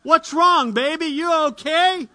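A man playing a fond husband home from work, high bright voice. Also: sing-song, normal speed, full character voice. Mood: eager. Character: eager loving husband coming home from work.

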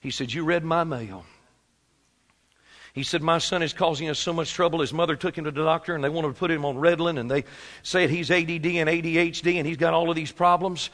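A man in his fifties preaching a sermon, moving from quiet storytelling to shouted exhortation. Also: on the high side, fairly even intonation, brisk. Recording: long hall reverb.

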